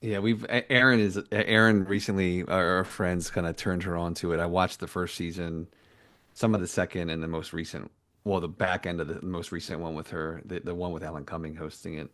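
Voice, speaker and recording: Deep-voiced, hesitant podcast co-host. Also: male voice, flat delivery, a bit bright. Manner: hesitant, measured, with repeated words. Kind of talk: casual chat.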